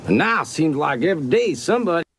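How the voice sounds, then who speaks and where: A gravelly Creole-accented tough guy. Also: fairly high pitch, big pitch swings, fast talker, a bit bright, heavily acted. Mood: menacing. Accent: put-on Creole-style.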